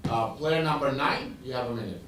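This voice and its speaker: A man's voice: medium pitch, lively intonation, a little fast. A man judging a tournament game, firmly calling turns and explaining the rules. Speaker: game judge. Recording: echoey room, from far off, noisy.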